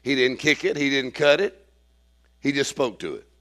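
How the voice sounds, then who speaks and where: A man preaching a sermon in church, acting out quoted people and swinging from shouting to hushed asides. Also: medium pitch, animated, moderate pace.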